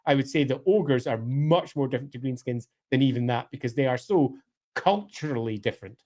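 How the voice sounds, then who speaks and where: A man talking emphatically in a casual podcast discussion, his pitch swinging up and down as he makes his points. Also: fairly quick, mellow. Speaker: co-host of a lore podcast.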